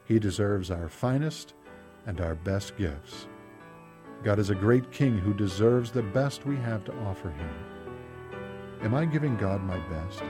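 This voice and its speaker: A man reading a children's devotional aloud as a scripted narration, telling a story and then asking gentle questions. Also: on the low side, expressive, measured pace, music in the background. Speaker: devotional host and reader.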